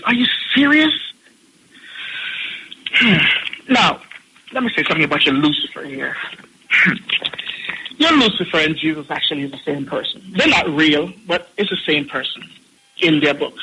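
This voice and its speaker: Jamaican guy calling in, ranting and scolding, pretty high pitched. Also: sharp tone, breathy edge, rough recording. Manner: mocking, scolding, preachy. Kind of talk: heated ranting monologue.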